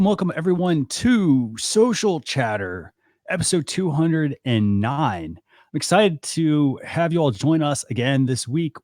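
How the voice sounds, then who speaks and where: A man's voice: mid-range voice, a little mellow, dry recording, clean studio sound. A man hosting a live talk show in a loose, casual way with plenty of fillers. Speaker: host.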